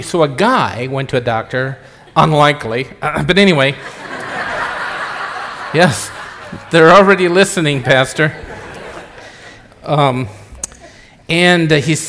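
This pastor, a middle-aged man, speaks a little high and a bit bright, keeping a measured pace with frequent pauses. His joke-filled sermon rambles in a conversational way that keeps cutting itself off, and the church hall around him echoes.

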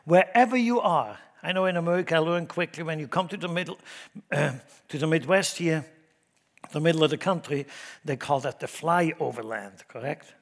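Emphatic preacher, higher voice. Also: male voice, moderate pace. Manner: emphatic, swinging between loud exhortation and hushed asides. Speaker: pastor. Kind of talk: sermon. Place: church in the American Midwest.

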